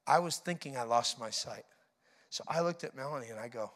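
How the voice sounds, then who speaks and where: A middle-aged male preacher giving a sermon, telling animated stories and mimicking people's laughter. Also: mid-range voice, fairly quick.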